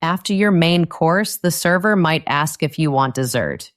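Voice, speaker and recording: A woman narrating a scripted English lesson, speaking clearly and patiently and acting out short dialogue lines. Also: sits low, expressive, unhurried. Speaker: English teacher.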